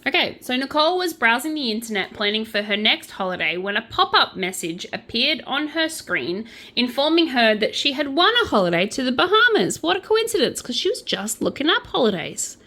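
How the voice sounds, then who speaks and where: An Australian woman vlogger chats casually about scam stories as she crochets, a laid-back true-crime talk full of playful, jokey asides and mock accents. Her voice is a little high and bright with a forceful edge, her pitch swings widely, and she speaks fairly quickly.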